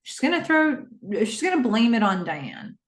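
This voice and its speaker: A woman hosting a podcast, recapping a TV episode in a casual, animated way and quickly acting out the characters' lines. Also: fairly high pitch, reverberant. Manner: animated retelling with quick quoted voices of characters.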